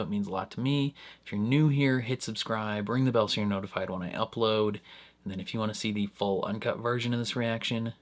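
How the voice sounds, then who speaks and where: A man hosting a casual reaction review, rambling in an easygoing way, chuckling often, and jumping his voice up on asides. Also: on the low side. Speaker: reaction channel host.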